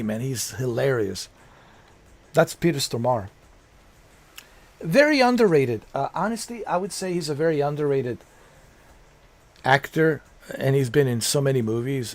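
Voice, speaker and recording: A man's voice: medium pitch, expressive, normal speed, long pauses. A man chatting casually on a live game stream, rambling and repeating himself, with casual swearing.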